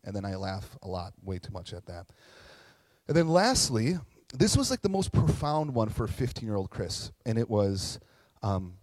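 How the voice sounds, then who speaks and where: A young man preaching in a relaxed, conversational way, telling stories and slipping into the voices of the people he quotes. His voice sits at an ordinary middle pitch. The sound is dry and close, with little room echo. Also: normal speed. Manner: casual, storytelling, acts out quoted voices. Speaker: pastor. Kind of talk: sermon.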